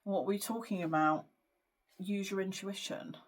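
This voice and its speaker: A woman's voice: mid-range voice, fairly even intonation, normal speed. A woman psychic giving a spiritual card reading to camera, speaking earnestly and hesitantly with frequent fillers. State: emotional at times. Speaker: psychic medium.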